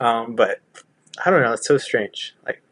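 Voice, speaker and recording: Southern man, halting and rambling in casual talk, dry recording. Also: mid-range voice, animated, a bit bright, husky, dry recording. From Texas. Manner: rambling, many restarts and fillers. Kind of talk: casual chat.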